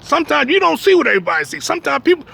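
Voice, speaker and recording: He preaches in a very high-pitched, sing-song, rapid-fire voice that's gravelly yet fairly bright. As a religious teacher his style is blunt and emphatic, with repeated "you understand me?" and streetwise humor dropped between points.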